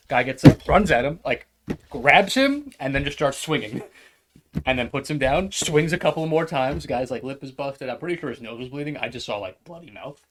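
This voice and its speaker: A man's voice: mid-range voice, fairly quick, slight background noise. A man co-hosting a casual podcast, telling a story with lots of laughter and acted-out quotes. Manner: animated storyteller, acts out quotes, laughs often. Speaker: podcast co-host.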